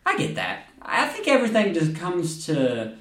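A man's voice: fairly high pitch, wildly swooping pitch, moderate pace, reverberant, distant mic. A man in his thirties co-hosting a podcast, rambling and laughing in loose, profane casual chat. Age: 30s. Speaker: podcast co-host.

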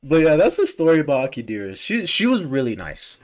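A man co-hosting a podcast in casual chat, with quick, excitable banter. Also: a little high, background noise. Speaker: podcast co-host.

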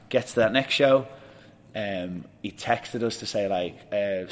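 A man's voice: on the low side, unhurried. A young man telling a long story in casual chat, laughing often and quoting people as he goes. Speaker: guest.

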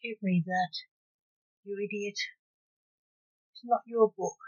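A woman's voice: medium pitch, steady tone, takes it slowly, a little mellow. A woman reading as Blake, a blunt grandfather coroner. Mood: snappish. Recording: dull lo-fi recording.

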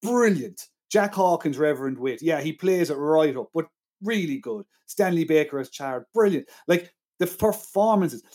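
A man's voice: fairly high pitch, animated, moderate pace, darkish tone. A man in casual film chat who praises the performances with enthusiasm and argues his side firmly. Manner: enthusiastic, argumentative.

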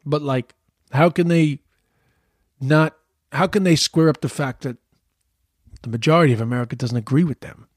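Profane ranting man, husky voice. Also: fairly high pitch, normal speed, long pauses, no room sound, studio quality. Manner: profane, ranting, repeats words when heated. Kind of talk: casual political commentary.

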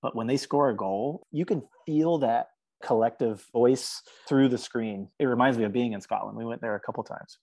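A man's voice: mid-range voice, moderate pace, vocal fry, darkish tone, dry recording. A man, a musician guest on an interview podcast, talking in an earnest, chatty way and laughing often. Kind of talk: casual interview chat.

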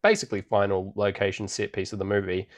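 A man co-hosting a podcast, recapping a film in a relaxed, rambling way with plenty of fillers. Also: on the low side, quick pace. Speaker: podcast co-host. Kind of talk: casual film recap chat. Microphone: podcast microphone.

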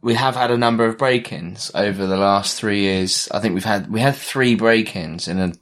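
Young man, low voice, casual chat, rambling storyteller, lots of fillers. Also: normal speed, a bit bright.

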